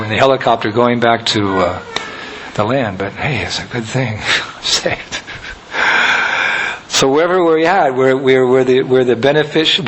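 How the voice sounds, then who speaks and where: A man giving a conversational sermon as a spiritual teacher, telling anecdotes with soft laughs. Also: medium pitch, low-quality recording.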